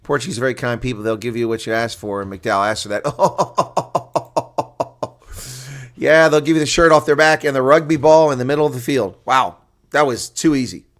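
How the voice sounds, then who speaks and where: A man giving live play-by-play rugby commentary, excitable and rising to shouts at big plays. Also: medium pitch, normal speed.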